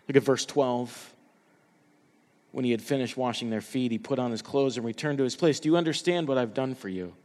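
A man's voice: mid-range voice, brisk, a little mellow, big-room sound. A man preaching a sermon in an earnest way, restarting and repeating words as he builds emphasis. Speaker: pastor.

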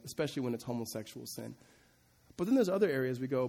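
A man with a husky, slightly breathy voice preaches in a large hall, and his words ring out with a long reverb. He explains scripture in a conversational tone and climbs higher and louder when he presses a point. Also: lively intonation, quick pace. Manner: conversational, turning emphatic and rising in pitch and volume. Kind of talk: expository sermon with Bible reading.

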